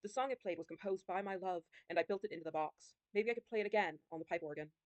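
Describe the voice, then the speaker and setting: A woman reading a calm, detached ancient male phantom living in the sewers, in a measured, unbothered way. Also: lowish voice, dry recording, lo-fi sound, natural voice.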